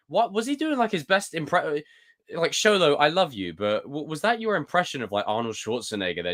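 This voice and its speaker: An animated young man from the UK hosts a solo live stream and chats to his viewers. His pitch swings widely as he talks. He reads comments aloud and answers with quick jokes. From United Kingdom. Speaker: livestream host. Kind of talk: casual live-stream chat.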